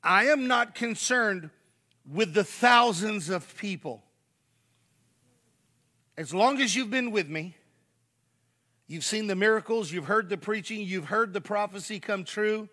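A man voicing an earnest teacher questioning his followers, slow and deliberate. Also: high-pitched, pushed and bright.

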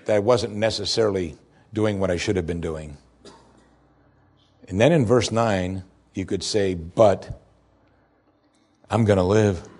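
Husky guy preaching, goes big then drops real soft on the verses. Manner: expressive, swings from raised emphasis to soft low tones. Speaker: pastor. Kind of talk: sermon.

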